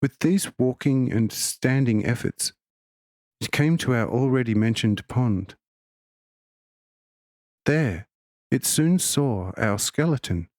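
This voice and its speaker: A man of middle pitch reading a religious text as an audiobook, steady and measured from line to line. The sound is dry and close, with no room echo at all. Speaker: audiobook reader.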